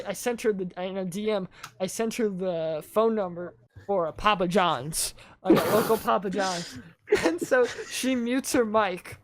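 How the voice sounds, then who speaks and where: A man hosts a casual podcast and tells stories in a loose, rambling way. He leans hard on "like" and strings his sentences together as he goes. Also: high-pitched. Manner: rambling storyteller, heavy use of "like". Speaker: podcast host.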